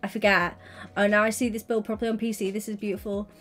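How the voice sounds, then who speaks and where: A woman's voice: mid-range voice, little pitch movement, quick pace, a bit bright, faint music behind. A woman chatting casually on a gaming livestream, gushing and affectionate as she greets viewers by name.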